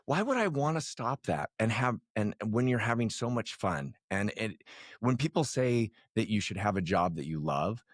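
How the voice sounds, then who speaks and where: A man's voice: on the low side, big pitch swings, normal speed, no room sound, studio quality. A man hosting a podcast interview, talking in an earnest, agreeable way with a few restarts. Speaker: podcast host. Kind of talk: casual interview.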